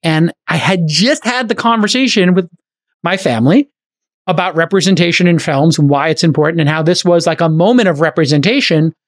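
A middle-aged man hosting a podcast in casual chat, talking quickly and enthusiastically with many "like" fillers. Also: on the high side. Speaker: podcast host.

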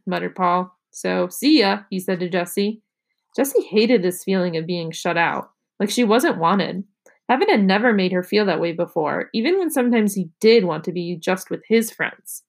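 Gravelly-voiced woman reading a children's novel. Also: moderate pace. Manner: expressive, raises pitch for children's dialogue. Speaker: teacher reading aloud. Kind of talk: storybook read-aloud.

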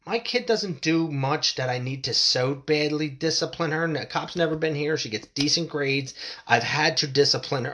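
A man's voice: medium pitch, sharp tone. A middle-aged man hosting a podcast alone, ranting bluntly and profanely, rambling and restarting his sentences. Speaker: podcast host. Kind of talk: casual solo podcast rant.

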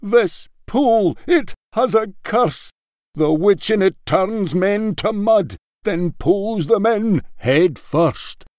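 A man voicing a crafty, theatrical old Scottish laird who booms and wails in feigned grief, in a rhyming storybook. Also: lively intonation, slow, darkish tone, no room sound, studio quality. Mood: wailing. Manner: booming and wailing in feigned grief.

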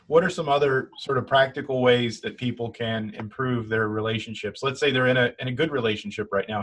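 A man hosting an interview, asking calm follow-up questions. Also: mid-range voice. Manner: asks measured follow-up questions. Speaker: interview host.

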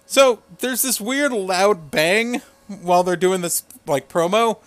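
A man's voice: high-pitched, expressive, takes it slowly, a bit bright, no echo. A man co-hosting a casual wrestling recap, retelling scenes with crude humor and frequent laughs. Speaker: podcast co-host.

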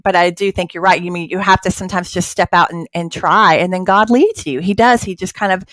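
Low-voiced woman host, dry sound. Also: a little fast, fairly bright tone, no echo. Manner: affirming, encouraging, frequent agreement. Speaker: interview host. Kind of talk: conversational interview.

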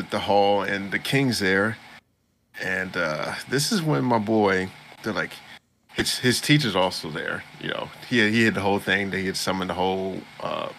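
Gravelly man casually recapping an episode. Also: low voice, a bit bright, a little hiss or hum. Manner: rambling, slips into quoted voices. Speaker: podcast co-host.

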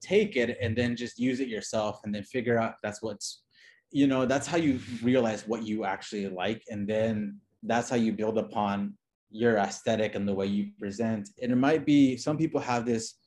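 A man's voice: on the low side, fairly even intonation, moderate pace, a little mellow. Casual male guest, loose chatty delivery. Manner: loose, conversational, many fillers and restarts. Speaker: designer and podcast guest. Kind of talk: casual interview chat.

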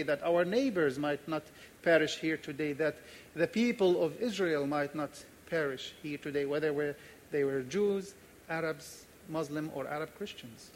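A man's voice: fairly high pitch, slight background noise. A man pastor preaching a sermon, earnest and emphatic, repeating key phrases and telling personal stories.

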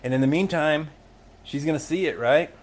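A man's voice: a little high, moderate pace. A middle-aged man, a podcast guest, telling his own story of recovery in a candid, emotional way, often laughing as he talks. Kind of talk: personal recovery story in conversation.

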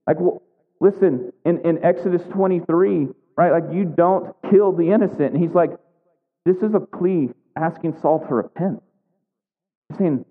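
A man reads scripture and then preaches in a chatty, conversational way, often checking in with "right?". His voice is on the high side and moderately paced, with phone-quality sound in a large hall.

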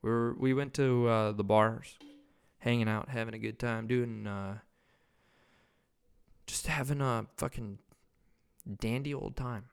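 A young man on his own podcast, spinning a long, meandering story in casual chat. He talks loosely, swears freely and keeps circling back. His voice sits at an ordinary middle pitch. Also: fairly even intonation, measured pace, creaky, pauses often, smooth. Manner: loose, profane, rambling anecdote telling. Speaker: podcast host.

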